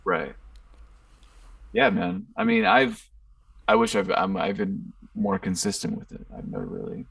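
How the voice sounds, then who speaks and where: Brief: male podcast host, deep vocal fry, lively pitch, relaxed and profane, dry sound from a little off mic. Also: measured pace, dry recording, recorded from a distance. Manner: laid-back, profane. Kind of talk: casual chat. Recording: dry, set back from the mic.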